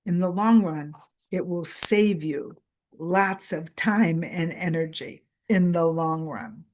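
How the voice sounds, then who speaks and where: A woman gives a conference lecture at an unhurried, measured pace. Her voice sits on the lower side, and she drives points home by repeating key phrases as short lists. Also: a little mellow. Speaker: workshop presenter.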